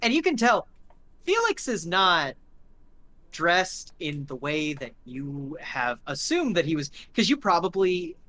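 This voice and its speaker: Bright-voiced man running the game. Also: fairly high pitch, very animated, measured pace, slight background noise. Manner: rambling, filler-heavy narration. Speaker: game master. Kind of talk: narrating a live tabletop game.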